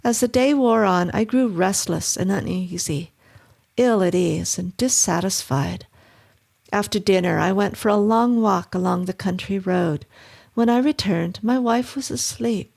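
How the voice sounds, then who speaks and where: Woman horror narrator, slow and suspenseful, gravelly low end. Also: darkish tone. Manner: measured, suspenseful reading.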